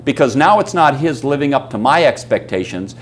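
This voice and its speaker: A man leads a coaching seminar in an emphatic, hands-on way. He keeps asking the audience questions and acts out anecdotes as he goes. His voice sits in a middle pitch, with a faint hum in the background. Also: very animated, brisk. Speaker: business coaching speaker. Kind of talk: live seminar talk to an audience.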